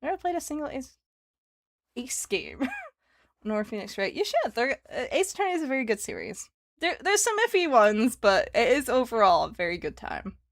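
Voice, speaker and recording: Young woman, streamer, giggly, chatty, fairly high voice, very lively pitch. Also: moderate pace, no room sound, clean studio sound. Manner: giggly, chatty, reads game lines aloud. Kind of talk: casual gaming stream commentary.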